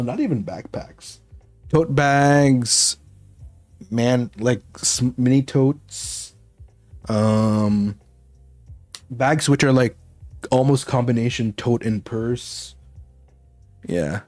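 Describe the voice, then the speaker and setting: A man's voice: medium pitch, takes it slowly, pauses often, a little mellow, dry recording, faint music behind. A male VTuber chatting casually with his viewers, rambling and laughing often. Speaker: VTuber streamer.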